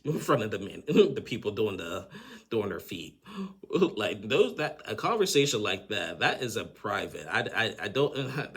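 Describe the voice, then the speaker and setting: A man's voice: lowish voice, a bit bright, husky. A man giving a chatty, casual recap of a reality TV episode, laughing often between lines. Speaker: TV recap host.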